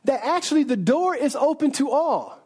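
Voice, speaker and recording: A high-voiced preacher gives an informal, animated sermon. The delivery is conversational, with frequent check-ins asking the audience to agree and plenty of restarts and self-corrections. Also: normal speed.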